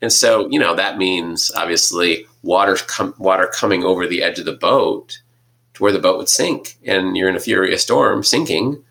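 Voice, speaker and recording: A man with a very low voice and a bright, forceful edge. He talks casually and thinks aloud, circling back and restarting his sentences as he works through a Bible story. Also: normal speed, creaky. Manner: thinking aloud, hesitant, restarts, acts out quotes. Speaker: podcast co-host discussing scripture. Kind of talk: casual conversation.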